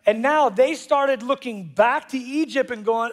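Pastor guy preaching, high voice, playful, does little voices for the quotes. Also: a little slow. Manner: animated, jokey, acts out voices in quotes. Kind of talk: sermon. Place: church auditorium.

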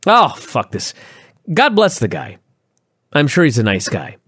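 A man co-hosting a casual review podcast, talking in a profane, sarcastic and animated way. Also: medium pitch, measured pace, gravelly, slightly rough, no echo, studio quality. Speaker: podcast co-host.

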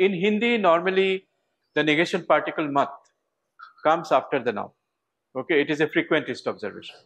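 Lecturing man, higher voice. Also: a bit bright, poor audio. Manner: thinking aloud with many fillers and restarts. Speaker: professor. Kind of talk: university lecture.

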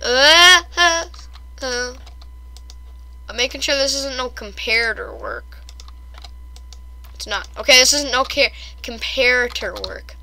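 A young woman chatting casually over her own gameplay, excitable and quick to gasp and squeal at her failures. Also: on the high side, vocal fry. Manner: excitable, shrieks and gasps at fails. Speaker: gamer.

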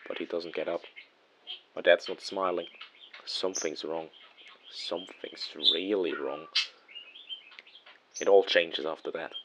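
Deep-voiced man narrating a horror story. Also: noisy background.

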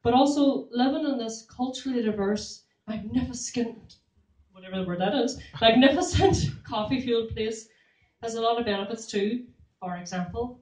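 A young woman doing stand-up in a small club, animated, laughing at her own jokes and whooping. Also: medium pitch. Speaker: stand-up comedian. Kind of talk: stand-up comedy set. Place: small comedy club room. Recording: echoey room, mic from far off.

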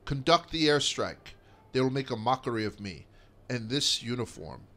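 A man's voice: medium pitch, animated, pushed and bright. A man putting on a grave Russian soldier. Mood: solemn. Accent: put-on Russian. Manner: solemn, measured farewell. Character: doomed young male Russian soldier, grave and dignified.

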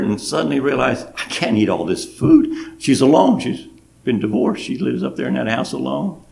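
Pastor, gravelly mid-range voice, storytelling sermon, emotional swells. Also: male voice, medium pitch, lively intonation, normal speed, a little mellow. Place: church sanctuary.

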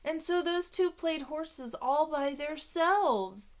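A woman's voice: sits high, expressive, takes it slowly. A woman narrating a children's audiobook in a playful, childlike first-person voice.

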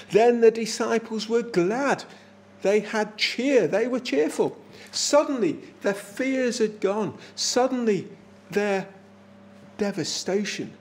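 An English man delivers a sermon from a small village church pulpit in a notably high voice. He speaks earnestly, leaning on repeated phrases to press his points home. A faint hiss sits under the recording. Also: a little mellow. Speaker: preacher.

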